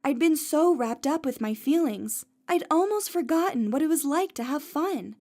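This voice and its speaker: High-voiced woman narrating an audiobook. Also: animated, moderate pace, darkish tone. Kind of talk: first-person audiobook narration.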